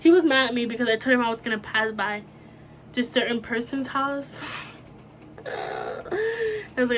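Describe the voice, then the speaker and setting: Young woman, higher register, soft halting delivery with lots of fillers; personal vlog to camera, light background hiss. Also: big pitch swings. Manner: soft, halting, full of fillers like "you know". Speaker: vlogger. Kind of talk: emotional personal talk to camera.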